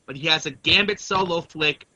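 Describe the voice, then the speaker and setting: A man's voice: on the high side, normal speed, sharp tone, slight background noise. A man co-hosting a podcast, presenting news items in a wry, sarcastic way. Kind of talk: casual chat, reading news items. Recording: dull lo-fi mic.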